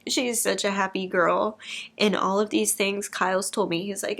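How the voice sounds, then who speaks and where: A woman's voice: medium pitch, level tone, normal speed, creaky, a bit bright. A young woman in a candid personal vlog, talking openly and emotionally to camera and swearing casually. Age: young adult. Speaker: vlogger.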